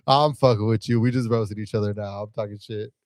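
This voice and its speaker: A man's voice: fairly low pitch, fairly quick, no echo, studio quality. A man hosting a casual live stream, teasing and joking with his guest. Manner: teasing, laughing, animated. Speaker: host.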